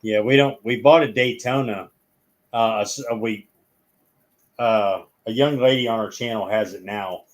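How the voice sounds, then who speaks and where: A man's voice: fairly low pitch, moderate pace. A man telling long stories as a guest in a casual chat, rambling and acting out the people in them.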